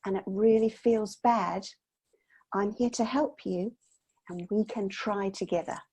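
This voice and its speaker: A woman's voice: mid-range voice, unhurried, mellow, husky. A woman guest explaining mindset strategies to parents in an earnest, explanatory way on a video call. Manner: earnest, explanatory, acts out children's voices. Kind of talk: casual interview chat.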